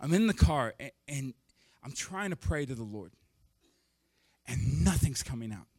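A male pastor telling a story in his sermon, candid and self-deprecating, tossing in quick jokes. His voice sits in a middle pitch and is recorded close and dry, with little room sound. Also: animated, no echo.

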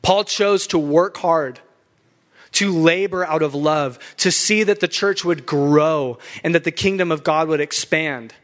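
Man, young adult, pastor, emphatic sermon delivery, slightly high voice. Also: measured pace. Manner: fired-up, emphatic, laughs between points.

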